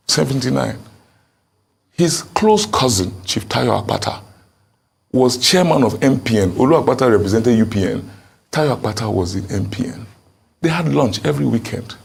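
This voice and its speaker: A man's voice: lowish voice, gravelly, darkish tone, breathy edge. A man with a Nigerian accent, a politician answering an interview question with emphatic, rhetorical phrasing.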